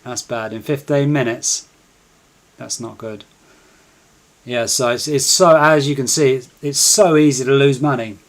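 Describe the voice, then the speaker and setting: With a steady, unhurried delivery at a standard male middle pitch, this man runs a trading live stream full of casual chatter. He's self-deprecating, keeps the talk flowing and urges viewers to participate.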